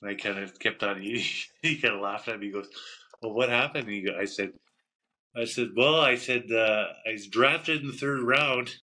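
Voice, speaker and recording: A middle-aged man tells stories in a loose, rambling way. His voice sits a little low but sounds forceful and bright. He keeps circling back with "I said" and "he goes" and chuckles now and then. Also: normal speed, rough recording. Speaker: guest, former hockey goalie. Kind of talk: casual storytelling interview.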